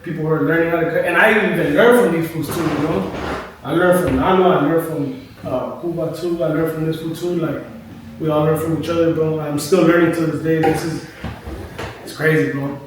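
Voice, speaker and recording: A young man with a slightly higher voice recounts his story in a relaxed, slangy barbershop chat, swearing freely and tagging "bro" onto his sentences. He sits back from the mic in a very echoey room with faint noise behind him. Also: fairly quick, recorded from a distance. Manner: loose, swearing, says "bro" constantly. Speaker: barber and podcast co-host.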